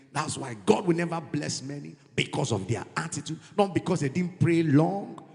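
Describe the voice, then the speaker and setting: Gravelly pastor preaching in a hall. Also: male voice, on the high side. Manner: animated, mixing in pidgin asides. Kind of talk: sermon. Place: church. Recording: long church-hall reverb.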